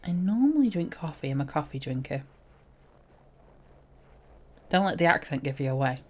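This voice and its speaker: A woman's voice: low voice, expressive, moderate pace, a little mellow. A woman giving casual, playful commentary while streaming a game. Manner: chatty, playful asides.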